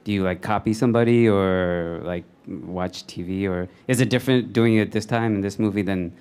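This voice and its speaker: Deep-voiced man asking a halting question. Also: darkish tone, clear, resonant tone. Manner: hesitant, halting phrasing. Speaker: audience member asking a question. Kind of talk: casual question.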